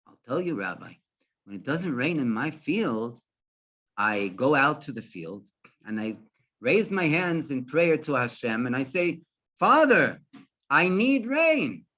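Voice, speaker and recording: A man's voice: medium pitch, expressive, measured pace, a bit bright. A man voicing an anxious, pious village farmer who exclaims in panicked disbelief. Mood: earnest.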